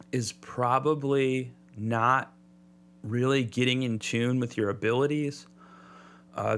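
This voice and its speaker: A man talking casually as a podcast guest, rambling and restarting his sentences as he tells stories from the trail. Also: mid-range voice. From United States. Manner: relaxed, rambling with many restarts. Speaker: podcast guest, thru-hiker. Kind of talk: casual interview storytelling.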